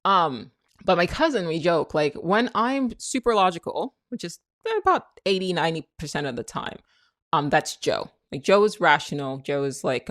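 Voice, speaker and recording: A woman with a lowish voice hosts her own podcast in a dry, close sound. She talks through spiritual self-help ideas in a casual, candid way, swears without a second thought and laughs easily at herself. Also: expressive, normal speed, a bit bright, dry recording. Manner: candid, blunt, swears freely, reflective. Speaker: podcast host.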